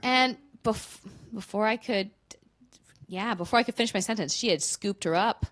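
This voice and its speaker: A woman in her thirties performing a stand-up comedy set, telling candid, self-mocking stories with quick punchlines. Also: mid-range voice, fairly bright tone. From Canada.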